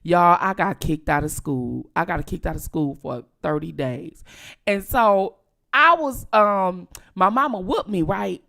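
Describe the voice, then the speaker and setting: A woman's voice: lowish voice, measured pace, vocal fry. A middle-aged woman vlogger telling a childhood story casually, cursing freely and talking straight to her viewers. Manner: profane, animated, addresses viewers directly. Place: at home.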